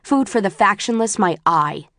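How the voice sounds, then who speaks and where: A woman's voice: mid-range voice, animated, moderate pace, a bit bright, no echo, studio quality. A woman voicing a hostile, bitter young woman who talks with sneering contempt, in an audiobook reading.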